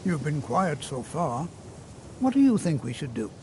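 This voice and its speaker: An actor playing a patient, kindly old male wizard teacher who lectures gently and a little fussily. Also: on the high side, very animated, moderate pace, slight background noise. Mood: lecturing. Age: older. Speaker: magic instructor. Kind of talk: video game voice acting.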